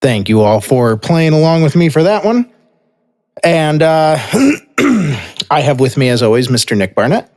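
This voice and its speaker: A man's voice: fairly high pitch, very animated, darkish tone. Man hosting a podcast, echoey room. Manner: halting, with many fillers and restarts. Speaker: podcast host. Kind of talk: casual chat.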